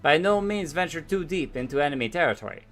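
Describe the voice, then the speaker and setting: A man's voice: on the high side, lively intonation, fast talker, a bit bright, soft background music. A man reading out an earnest woman garrison commander from a game, declaiming in a mock-formal tone. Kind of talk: reading game dialogue aloud.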